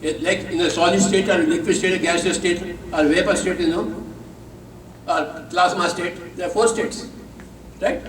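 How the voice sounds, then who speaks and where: Indian man, spiritual teacher, high voice, emphatic and teasing, repeats his points, heard from afar in a big hall. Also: steady tone, moderate pace, a little hiss or hum. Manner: emphatic and repetitive, teasing, leads call-and-response. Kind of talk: spiritual talk to a live audience. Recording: echoey hall, voice from a distance.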